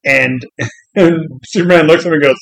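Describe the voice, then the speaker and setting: A man with a slightly high voice chatting casually about comics. He tells stories in an animated way, jumping into voices for the quotes. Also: normal speed, creaky, poor audio. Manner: animated storyteller, acts out quotes.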